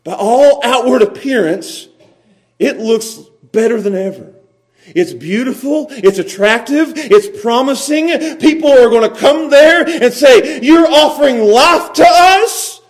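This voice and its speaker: A man with a very high voice preaches a lively sermon from the pulpit. He presses his points hard, chuckles between phrases and doubles back on his words as he builds. The sound carries the feel of a church service. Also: measured pace. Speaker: pastor.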